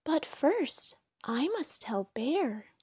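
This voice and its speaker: A woman voicing an excited tiny female ladybug in a storybook, calling out eagerly and high. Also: extremely slow, dry recording, clean studio sound, full character voice.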